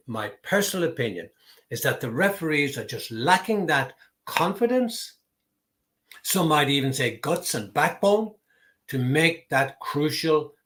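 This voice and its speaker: A man's voice: fairly high pitch, pushed and bright. Emphatic man explaining refereeing. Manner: emphatic, explanatory, repeats key words for stress. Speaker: football refereeing commentator. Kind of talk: solo opinion talk to camera.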